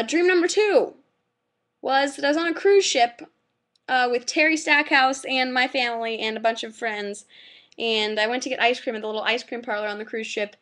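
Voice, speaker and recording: A young woman vlogging, retelling her dreams in a chatty, animated way, full of "like" fillers. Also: sits high. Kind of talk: casual vlog storytelling.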